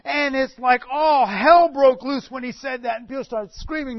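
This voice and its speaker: High-voiced man preaching an animated sermon. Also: moderate pace, few pauses, no room sound. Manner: animated storytelling, acting out quotes. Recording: dull dry recording.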